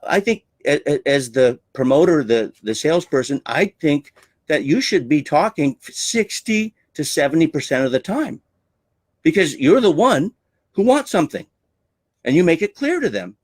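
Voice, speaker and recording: A man's voice: a little high, very animated, moderate pace, dry recording. A man coaching on sales with a theatrical, emphatic way of talking. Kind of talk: teaching talk on selling.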